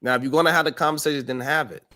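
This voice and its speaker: A man's voice: on the high side, fairly even intonation, racing, sharp tone. A man co-hosting a podcast, bluntly and exasperatedly scolding another panelist. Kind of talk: heated podcast debate.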